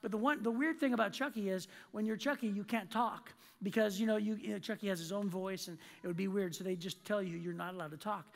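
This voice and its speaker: A man's voice: sits high, quick pace, gravelly, hardly any pauses. A man preaching a sermon in a church auditorium, telling a story and acting out the quotes. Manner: animated storytelling with acted-out quotes. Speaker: pastor. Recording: long hall reverb.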